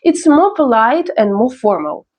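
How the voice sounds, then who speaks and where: Woman teaching, slow and careful. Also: sits high, sing-song, darkish tone. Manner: slow, careful pronunciation drills; explains in English, models phrases slowly for repetition. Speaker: language teacher. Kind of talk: beginner language lesson.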